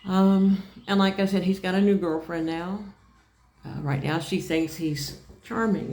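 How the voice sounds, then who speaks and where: Gravelly low-voiced woman vlogging candidly. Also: moderate pace, dark tone. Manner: rambling, repeats herself, plain-spoken. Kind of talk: candid personal storytelling vlog.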